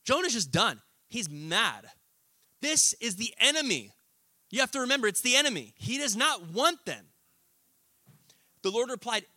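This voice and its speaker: A pastor with an extremely high voice preaches a sermon at normal speed, leaving long pauses, with no room sound. His delivery is conversational and animated; he acts out the voices in his stories and frequently asks "right?"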